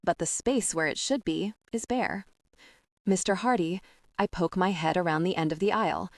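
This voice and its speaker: A woman reads a first-person audiobook in a measured, wry manner. Her voice sits low, and the recording is dry and close, with no room sound. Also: no echo. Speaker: audiobook narrator. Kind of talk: first-person scripted narration.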